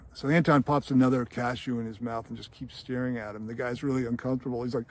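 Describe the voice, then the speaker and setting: Man, host, casual film breakdown, enthusiastic, middle pitch. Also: little pitch movement, fast, few pauses, darkish tone. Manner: enthusiastic storyteller, laughs often. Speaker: screenwriting show host.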